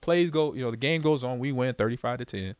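A man's voice: medium pitch, fast talker, clear, resonant tone, no echo. A middle-aged man, a former pro football player, telling a story in a casual way, acting out the voices of others and laughing often. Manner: animated, acts out quoted voices, laughs often.

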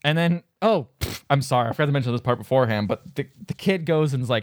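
A man co-hosting a podcast, casually retelling a movie's plot and acting out characters' lines in quick voices. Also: medium pitch, no echo, studio quality. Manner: animated storyteller, acts out lines in quick voices. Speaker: podcast co-host. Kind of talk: casual movie recap chat.

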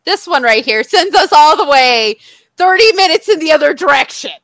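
A woman co-hosting a casual chat, telling a story in an animated way, swearing freely and acting out what people said. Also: high voice, normal speed, no room sound, poor audio.

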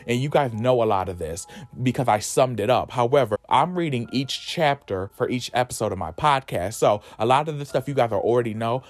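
A man hosting a podcast, retelling a horror story in a sassy, slangy, campy comedic way. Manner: sassy, animated, slangy storytelling with lively swoops in pitch. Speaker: podcast host retelling a comic book story. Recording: music playing under the voice. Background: background music.

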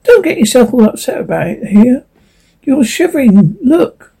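A reader voicing a gentle, tender male autumn leaf that soothes its companion in a storybook, with a husky tone. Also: medium pitch, sing-song, normal speed, voice pushed up, poor audio. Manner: tender, reassuring. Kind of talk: storybook reading.

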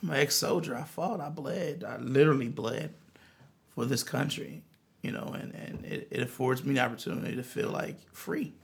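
Earnest gravelly man telling a story. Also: mid-range voice, normal speed. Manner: earnest, animated storyteller with many restarts. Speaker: musician guest. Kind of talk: storytelling interview.

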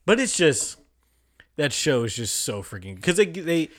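Animated, laughing man in casual chat. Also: fairly high pitch, a little slow. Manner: animated storyteller, laughs often, swears.

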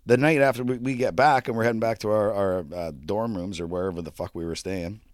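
A man co-hosting a podcast, telling a travel story in casual chat, profane and animated. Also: on the low side, fast talker, no room sound, clean studio sound. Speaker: podcast co-host.

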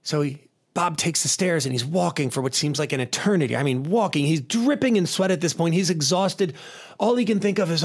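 A man's voice: fairly high pitch, animated, a little fast, slightly rough. A man telling a long joke in a loose, rambling way, with fillers and restarts.

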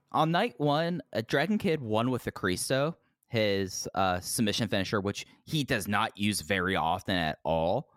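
Energetic man with a dry close sound. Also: lowish voice, dry recording. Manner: energetic, filler-heavy. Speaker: podcast co-host. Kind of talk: casual chat, wrestling review.

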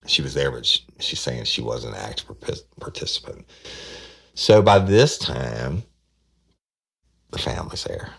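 A man tells a police story in a loose, casual way. His voice is extremely low, with a heavy gravelly fry and a husky edge. He acts out the lines of the people in his story as he goes. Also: a little fast, hardly any pauses, bright, forceful tone. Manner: retells dialogue, acting out quoted voices. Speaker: detective recounting a case.

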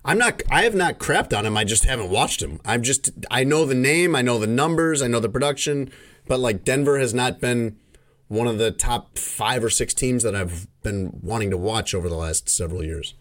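Teasing male co-host with a lively pitch. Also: moderate pace. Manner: laid-back, teasing. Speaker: podcast co-host. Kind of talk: casual sports chat.

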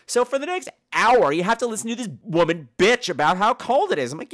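A man's voice: high voice, sing-song, a little fast, few pauses, fairly bright tone. A man hosting a podcast, giving a casual, campy and sarcastic spoken review. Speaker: podcast host and horror film reviewer.

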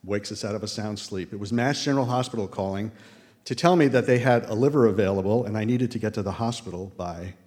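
A man's voice: fairly low pitch, quick pace, a little mellow, big-room sound. A man in his fifties telling an earnest personal story on a theater stage. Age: 50s.

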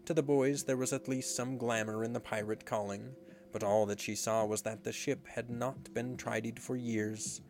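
A man reading a storybook aloud in a measured, expressive way. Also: mid-range voice, soft background music. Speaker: narrator.

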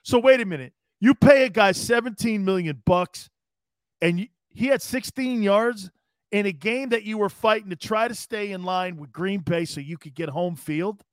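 Answering comments live at a moderate pace, this high-voiced sports talk host is brash and profane, needling viewers in a combative but playful way. The recording is dry, with no echo or room sound.

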